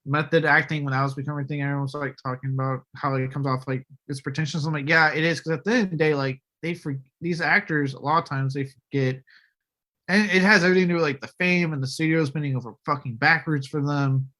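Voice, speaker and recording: A man's voice: a little high, steady tone, fast. Casual profane man chatting. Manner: rambling, profane, acts out shouted bits. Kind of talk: casual chat.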